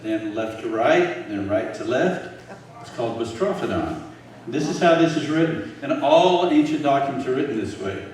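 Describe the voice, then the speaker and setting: A man's voice: medium pitch, a little hiss or hum. An older man giving an informal Bible teaching to a live group, talking conversationally and putting questions to his listeners. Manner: conversational, quizzes the audience with questions. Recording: very echoey room, voice from far off.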